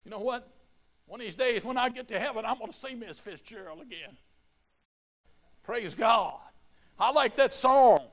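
This middle-aged man preaches with a drawl. His voice sits high and bright, and he moves from hushed anecdotes to loud, fervent calls. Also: normal speed, pauses often. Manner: swings from quiet storytelling to shouted fervor. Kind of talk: sermon.

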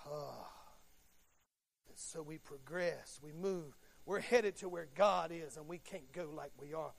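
A man preaching a sermon, emphatic and repetitive, swinging from hushed to shouting. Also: on the high side, a little slow, creaky. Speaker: pastor.

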